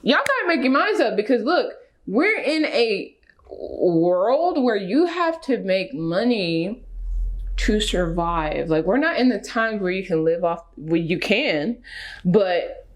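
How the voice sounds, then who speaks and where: A woman's voice: mid-range voice, slow. Emphatic woman vlogger ranting. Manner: emphatic, full of rhetorical questions, animated. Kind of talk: casual reaction commentary.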